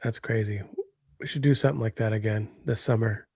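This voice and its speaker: A man co-hosting a live hobby stream, chatting casually and often trailing off quietly. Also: on the low side, fairly even intonation, a little fast, creaky, breathy edge, dry recording, studio quality. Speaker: co-host of a hobby talk stream. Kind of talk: casual chat.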